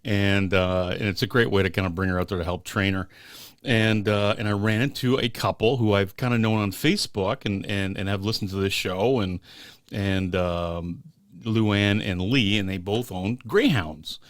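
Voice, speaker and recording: A man's voice: fairly low pitch, normal speed, dry recording. A man co-hosting a casual podcast, loose and joking, swearing now and then. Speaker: podcast co-host. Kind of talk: casual chat.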